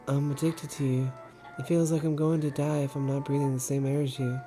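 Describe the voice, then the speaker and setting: A man's voice: on the high side, pitched above the performer's own voice, close to an everyday voice. A man reading aloud the lines of an obsessive, unhinged, lovestruck young woman in a plain voice. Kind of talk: reading game dialogue aloud.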